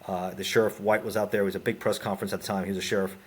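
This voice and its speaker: A man's voice: low-pitched, level tone, racing, slightly rough. A middle-aged man, a former federal agent, telling plainspoken stories in a casual podcast interview.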